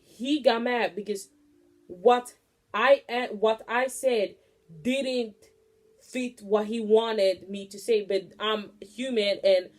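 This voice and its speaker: Blunt young woman ranting with a higher voice. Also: slow pace. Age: late teens. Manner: blunt, profane, animated ranting. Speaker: vlogger. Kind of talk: casual venting monologue.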